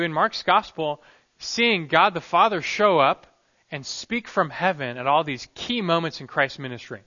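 A male pastor delivers an expository sermon in an earnest, emphatic way, letting his phrases fall soft at the ends. His voice is bright and forceful and sits a little high. The recording is dull and lo-fi.

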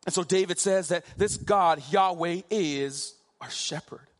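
Male preacher, fairly high voice, slow deliberate delivery, emphatic sermon style. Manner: slow, emphatic preaching, drawing out key phrases.

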